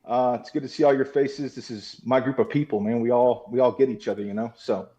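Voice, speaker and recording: A man speaks candidly and with emotion over a slightly muffled video call, swearing freely as he shares his story. His pitch sits in a middle range for a man. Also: fairly even intonation, brisk, warm tone. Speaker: meeting participant. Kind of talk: personal recovery share.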